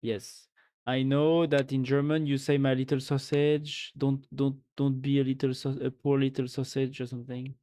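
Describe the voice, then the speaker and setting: A man's voice: mid-range voice, flat delivery, normal speed, dark tone. A man with a French accent chatting casually and joking while he codes on a live stream. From France. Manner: joking, musing aloud, full of restarts.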